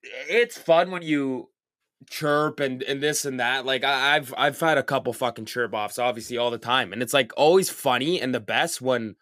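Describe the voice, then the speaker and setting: A young man from Canada talks loosely and profanely on a podcast, padding his sentences with "like." His voice sits at an average pitch. The recording is dry and close, with no room sound. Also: normal speed, a bit bright, dry recording. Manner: loose, profane, heavy with filler "like". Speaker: podcast co-host. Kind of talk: casual chat. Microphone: podcast mic.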